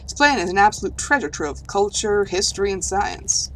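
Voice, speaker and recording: A woman's voice: mid-range voice, expressive, brisk, slight background noise, close to an everyday voice. An earnest, rambling alien archaeologist from a space game, timid about space yet easily amazed by ruins, as a woman reads the lines aloud. The voice carries a put-on southern US drawl and sits in a middle register. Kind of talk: reading game dialogue aloud.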